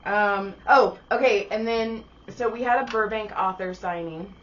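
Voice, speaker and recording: A woman co-hosting a podcast, telling a story in casual chat, animated and profane, slipping into voices for the people she quotes. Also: medium pitch, unhurried, highs cut off, slight background noise. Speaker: podcast co-host.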